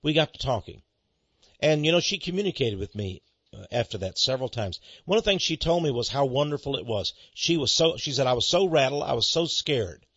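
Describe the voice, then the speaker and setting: A man's voice: medium pitch, expressive, a little fast, a bit bright, breathy edge, no room sound. A male pastor giving a folksy, storytelling sermon on a dull, lo-fi recording. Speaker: pastor and ministry head. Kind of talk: radio sermon monologue.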